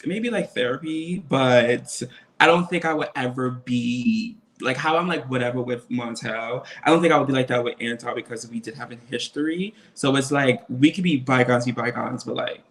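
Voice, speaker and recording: A man talking casually as a guest in a video-call interview, animated and laughing often. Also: medium pitch, normal speed. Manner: animated, laughs often, quotes others in acted voices. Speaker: interview guest, reality TV cast member.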